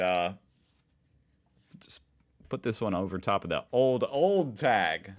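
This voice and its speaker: Lively, chatty American man reacting. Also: mid-range voice. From United States. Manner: chatty, joking, reads posts aloud and reacts. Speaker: reaction video host. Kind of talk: casual reaction commentary.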